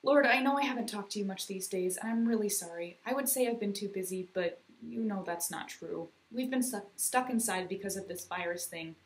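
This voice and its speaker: A woman's voice: medium pitch, fairly quick, hardly any pauses, echoey room, close to an everyday voice. A woman voicing an earnest young boy who prays aloud in a children's story, pleading and sincere.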